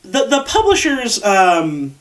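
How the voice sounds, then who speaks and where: A man co-hosting a podcast, casually recapping film scenes in a measured way, sometimes pausing to find the word. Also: sits high, wildly swooping pitch, a bit bright, recorded from a distance. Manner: measured, searches for words, summarizes scenes. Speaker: podcast co-host.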